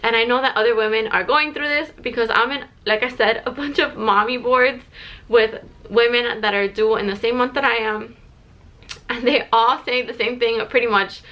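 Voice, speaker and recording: A woman's voice: fairly high pitch, steady tone, normal speed, muffled recording. A young woman chatting casually to camera about her pregnancy, a bit out of breath and full of "like" and restarts. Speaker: vlogger sharing a pregnancy update.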